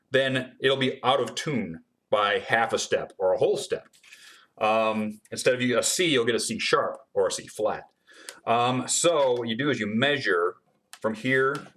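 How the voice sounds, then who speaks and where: While showing how he makes guitars, a livestream host voices questions from the chat and chats through his answers, sprinkling in many ums. He speaks at an average pitch, with a slightly bright tone.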